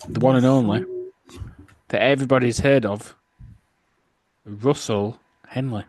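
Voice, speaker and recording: A man co-hosting a golf podcast, giving his picks in a dry, sarcastic, measured way. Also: medium pitch, steady tone, darkish tone, dry recording. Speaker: podcast co-host. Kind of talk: casual podcast chat.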